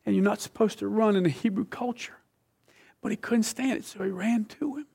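Here the preacher speaks fairly quickly in a high, gravelly, slightly rough voice. He delivers his sermon with emphasis, sinking from loud phrases to whispers and asking his audience teacher-style questions.

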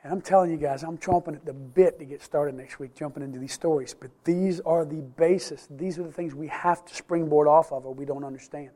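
A middle-aged man leads a Bible lesson for his Sunday school class in a fairly high voice. He speaks earnestly and with emphasis, drawing out key words slowly to drive a point home. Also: fairly even intonation, dark tone.

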